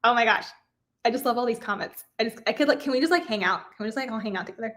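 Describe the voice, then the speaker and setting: A woman's voice: a little high, very fast, a bit bright. A woman in her thirties hosting a live craft stream, bubbly and chatty, laughing often and apologizing when she stumbles over names. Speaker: craft host. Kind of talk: live-stream giveaway chat.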